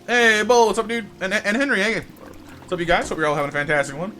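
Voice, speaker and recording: Faint music plays behind a man with a high, sharp voice who talks quickly while streaming a game live. A chatty storyteller, he rambles, greets his viewers, and stumbles over many restarts, repeating words when starting sentences.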